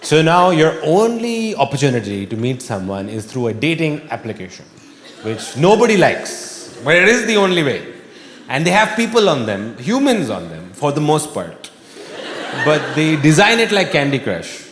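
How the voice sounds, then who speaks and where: Man, stand-up comedian, wry animated delivery, lively swinging pitch, echoey hall with long reverb. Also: normal speed. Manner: animated, wry, bursts into shouting. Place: live comedy venue with audience laughter. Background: audience laughter and room ambience.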